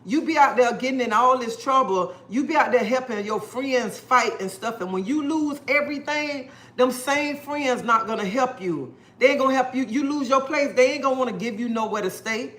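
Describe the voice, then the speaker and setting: A woman's voice: a little high, moderate pace, few pauses, a bit bright. A middle-aged woman talking earnestly on her livestream, repeating her points and greeting viewers by name. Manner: earnest, preachy, repeats herself. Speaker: livestream host. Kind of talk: casual livestream talk.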